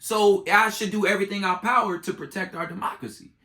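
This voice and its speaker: A man's voice: high voice, steady tone, fast talker, sharp tone, voice pushed up. A man voicing a slick older male politician who talks his way out of blame in a breezy, slangy, wheedling way. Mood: pleading.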